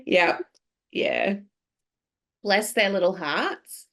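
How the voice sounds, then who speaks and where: A woman's voice: mid-range voice, huge pitch swings, drawn-out words, gravelly, fairly bright tone. A woman with an Australian accent hosting a podcast interview, chatty and encouraging, laughing easily. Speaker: podcast host. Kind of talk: casual interview chat.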